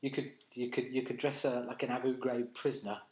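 Man, co-host, deadpan and halting, mid pitch, roomy sound. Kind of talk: casual chat. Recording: roomy echo.

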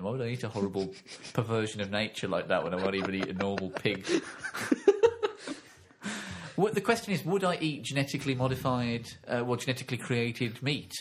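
A man co-hosting a casual comedy chat, his pitch swinging widely as he jokes. He is playful and theatrical, slipping into bursts of mock outrage. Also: background noise.

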